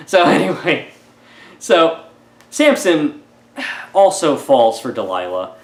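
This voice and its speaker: A man's voice: on the high side, sing-song, slow, pauses often, reverberant. A man giving a comedic, sarcastic movie review, rambling with lots of "like" and "uh" fillers. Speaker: film reviewer.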